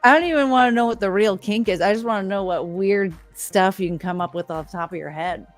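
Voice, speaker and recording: A woman joining the game as a co-panelist, joking and quick to laugh in casual banter. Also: mid-range voice, soft background music.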